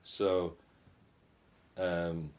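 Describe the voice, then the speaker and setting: A man's voice: sits low, flat delivery, drawn-out words, a little mellow. A man, a guest musician, chatting casually in an interview, rambling with many fillers and restarts.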